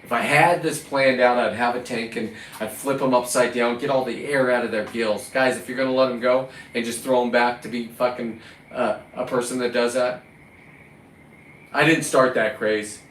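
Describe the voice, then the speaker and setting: A man from California rants in a combative, profane vlog monologue, even scolding the lobsters in front of him. His voice sits at an ordinary pitch for a man. The mic is some way off, in a roomy space, with faint ambient noise behind him. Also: moderate pace, far from the mic. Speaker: recreational lobster fisherman.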